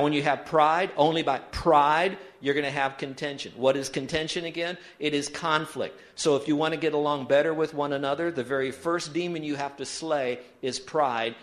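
Pastor guy preaching to his church, fairly high voice, leans hard on key words. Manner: emphatic preaching, leads the congregation in call-and-response reading. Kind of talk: sermon. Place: church sanctuary.

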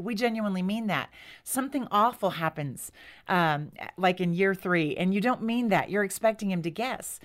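A woman in her thirties, a guest author, telling personal stories in a lively conversational interview and acting out the lines she quotes. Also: mid-range voice, normal speed. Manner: animated, acts out quoted lines.

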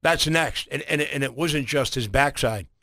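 A man hosting a morning radio show, telling a story in a relaxed way and often repeating words. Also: medium pitch, moderate pace, creaky. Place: radio studio. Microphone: studio microphone.

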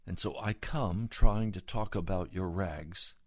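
Fervent male preacher, slow and grave. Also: deep voice, no room sound, clean studio sound. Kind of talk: sermon.

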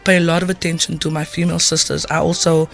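A woman's voice: low-pitched, little pitch movement, quick pace, vocal fry, soft background music. A South African woman from Cape Town, a musician talking enthusiastically and from the heart as a guest on a radio show in the studio. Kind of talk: casual radio interview. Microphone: studio microphone.

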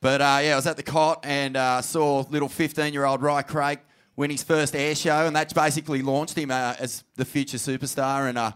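A man's voice: medium pitch, flat delivery, brisk, fairly bright tone, clean tone. A man with an Australian accent co-hosting a live comedy podcast, hyped and sweary, trailing into fillers when he reminisces. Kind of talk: crude comedic surfer banter.

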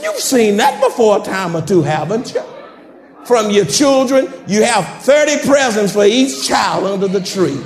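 High-voiced fervent preacher man. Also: sing-song, measured pace, echoey room, soft background music. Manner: fervent, calls out to the congregation, rising to shouts. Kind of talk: sermon.

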